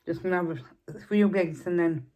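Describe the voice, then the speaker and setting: Lady mukbang vlogger, kinda low voice, chatty, eating as she talks. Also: normal speed, warm tone. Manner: chatty, eating between sentences. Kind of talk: casual chat while eating.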